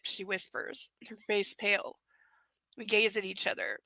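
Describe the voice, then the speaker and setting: A woman reads a novel aloud in a clear, bright voice. She keeps stopping for sarcastic, amused remarks about the characters. The sound is dry and close. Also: medium pitch, little pitch movement, normal speed, dry recording, poor audio. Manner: sarcastic asides, laughing at the text. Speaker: reader. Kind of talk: live book reading with commentary.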